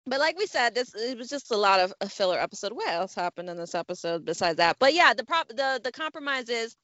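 Podcast co-host, woman from Jersey, high bright voice that swings all over, laughs a lot, dull dry lo-fi sound. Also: fast talker, no room sound. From New Jersey. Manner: animated, laughs often, swears casually. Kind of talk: casual chat.

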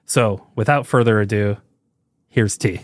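A man's voice: lowish voice, measured pace, heavy background noise. A man hosting a podcast, ranting sarcastically and laughing with exasperation. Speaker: podcast host. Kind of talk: casual comedic commentary.

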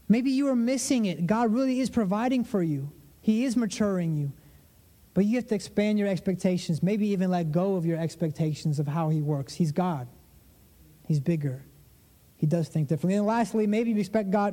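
A man's voice: normal speed, warm tone, long reverb tail. A man preaching a conversational sermon as a pastor, acting out prayers in a lifted voice. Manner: conversational preaching, acts out prayers with rising pitch.

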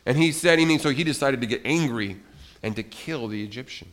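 Animated man teaching a children's Bible lesson. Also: mid-range voice, fairly quick. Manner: animated, asks the kids questions, calls them by name.

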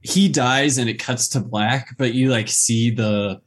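A man's voice: medium pitch, unhurried. Hesitant man full of "like"s. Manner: hesitant, many fillers like "like" and "um". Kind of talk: casual film discussion.

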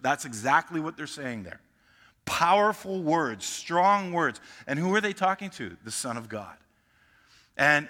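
A man's voice: a little high, bright, forceful tone, long reverb tail. A male pastor preaching a sermon emphatically, often restarting his sentences mid-thought.

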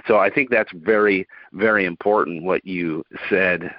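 A man hosting a podcast interview, speaking thoughtfully with halting restarts. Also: low voice, no room sound, highs cut off. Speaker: podcast host.

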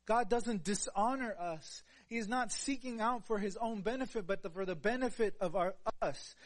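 A man preaching a sermon in an earnest voice, dropping to a hush and then rising to louder, emphatic lines. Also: high voice, normal speed. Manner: earnest, swings between soft hushed passages and louder emphatic ones.

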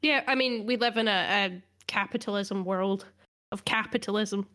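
A woman's voice: mid-range voice, normal speed, fairly bright tone. A woman co-hosting a casual podcast chat, talking earnestly and laughing often. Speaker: podcast co-host.

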